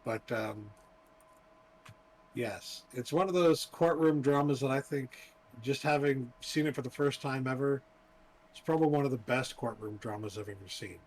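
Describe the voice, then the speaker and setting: A man in casual conversation about movies, speaking in an ordinary, mid-pitched voice. He is enthusiastic and swears freely. He often pauses on fillers as he looks for his words. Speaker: podcast co-host.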